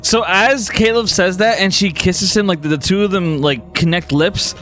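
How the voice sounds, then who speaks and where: A man's voice: high-pitched, normal speed, fairly bright tone, soft background music. A man narrating a tabletop role-playing game as game master, loose and full of restarts.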